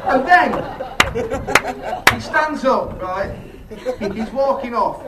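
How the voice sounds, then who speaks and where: A man doing stand-up, telling a sweary, animated story and laughing often as he goes. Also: very high voice, unhurried, pauses often. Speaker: stand-up comedian. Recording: roomy, distant mic, crowd and noise. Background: audience laughter.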